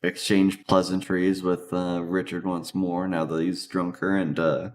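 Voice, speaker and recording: A man's voice: deep voice, little pitch movement, unhurried. A man playing a tabletop game, describing his actions hesitantly with fillers. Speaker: player.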